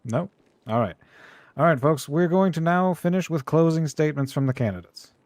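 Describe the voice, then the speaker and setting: A man moderating a debate, calling on candidates and trying to hush the crowd. His voice is recorded close and dry, with no room sound. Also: fairly high pitch, expressive, moderate pace, no echo. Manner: repetitive, trying to keep order.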